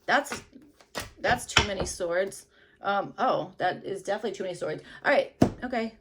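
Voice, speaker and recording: A woman doing a casual tarot reading to camera, rambling loosely with lots of fillers and hedges, dropping to soft murmurs now and then. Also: mid-range voice, expressive, normal speed, very noisy. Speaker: tarot reader.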